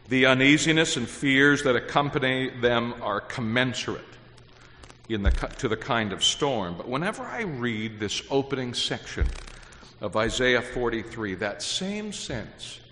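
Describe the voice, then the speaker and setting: A man preaching a sermon in a measured, earnest way, reading scripture aloud with emphasis. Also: mid-range voice, a bit bright. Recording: echoey hall with long reverb.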